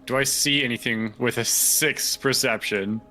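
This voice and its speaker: A man's voice: medium pitch, steady tone, unhurried, bright, forceful tone, faint music behind. A man player asking the game master tentative questions. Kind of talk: tabletop role-play.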